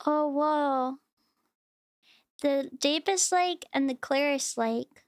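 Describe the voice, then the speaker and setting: Brief: giggly woman VTuber, high voice, reacting on stream. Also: slow, no echo, clean studio sound. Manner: excitable, giggly, chatty. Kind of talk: reacting to videos on a live stream.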